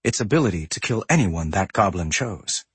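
Male audiobook narrator, lively expressive pitch, husky breathy tone, dry close sound. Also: moderate pace, no room sound. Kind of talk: scripted narration.

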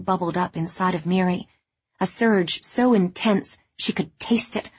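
Audiobook narrator: a woman with a low, husky voice; dry, slightly dull recording. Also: unhurried, no echo. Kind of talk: scripted narration. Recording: dull, dry studio sound.

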